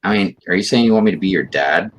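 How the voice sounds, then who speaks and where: Low-voiced bantering man. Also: animated, fast, highs cut off. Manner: bantering, playful, swings his voice widely. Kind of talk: casual chat on a livestream.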